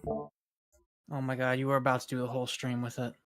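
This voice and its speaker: A man's voice: medium pitch, monotone, moderate pace, a bit bright. A man co-hosting a game stream, teasing dryly and swearing casually.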